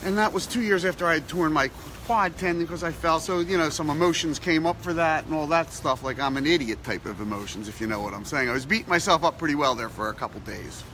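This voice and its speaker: Middle-aged male vlog host, bright and fairly high voice, chatty motivational delivery, phone-filmed outdoors with faint traffic behind. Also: fast talker, few pauses. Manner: chatty and animated, repeats phrases for emphasis. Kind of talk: upbeat motivational vlog talk. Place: outdoors on a snowy street.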